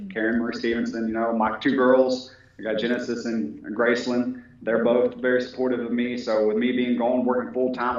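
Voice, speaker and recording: A polite, humble man talking about his fight training and telling stories in a casual interview. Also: medium pitch. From United States. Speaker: fighter and police officer. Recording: very echoey, dull audio.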